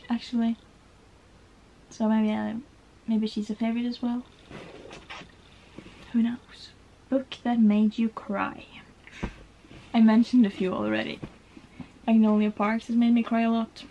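A woman's voice: a little high, warm tone, lo-fi sound. A young woman from Norway chatting about books she loved, emotional and rambling with lots of "like"s. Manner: gushing, emotional, rambling with many "like"s. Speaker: book vlogger. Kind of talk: casual book tag vlog.

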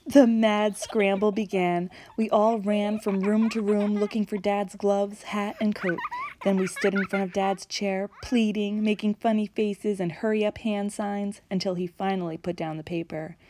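Woman, storybook reader, read-aloud, expressive, middle pitch, loud to hushed. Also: a little slow, slight background noise. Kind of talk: reading a children's picture book aloud.

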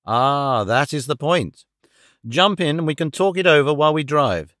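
A man's voice: on the high side, lively intonation, normal speed, fairly bright tone, dry recording, clean studio sound. A man reading an audiobook voices a careworn young man, urgent and earnest about his dying father. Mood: anxious.

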